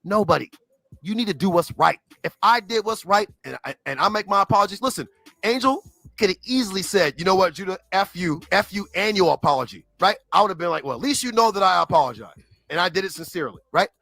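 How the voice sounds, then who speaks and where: A man's voice: high voice, lively intonation, fast, gravelly, sharp tone, no echo, studio quality. A man on a livestream, ranting and hurling insults in an aggressive, repetitive way.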